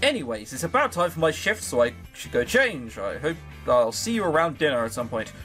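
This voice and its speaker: A man's voice: fairly high pitch, sing-song, brisk, fairly bright tone, faint music behind. A man reading as an easygoing young barman. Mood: friendly.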